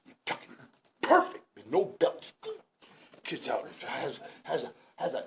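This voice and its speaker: A man in his sixties telling his story at a recovery meeting, animated and laughing, with shouted bursts. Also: medium pitch, measured pace, a little hiss or hum. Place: large indoor meeting room.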